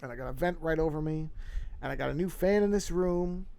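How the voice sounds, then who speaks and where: A man's voice: on the high side, a little fast, vocal fry, dark tone. A man chatting casually on a livestream from his home office desk, rambling and interrupting himself with restarts and repeated words. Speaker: streaming artist. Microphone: desk microphone.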